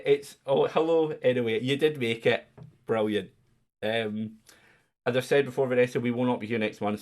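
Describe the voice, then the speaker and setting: A middle-aged man hosting a quiz stream in casual chat, rambling and joking as he goes. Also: medium pitch. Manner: rambling, self-interrupting, joking. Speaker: quiz host.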